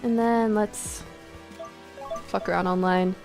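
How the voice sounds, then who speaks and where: A woman's voice: medium pitch, fairly even intonation, takes it slowly, creaky, over music. A young woman streamer making casual, chatty asides between game dialogue.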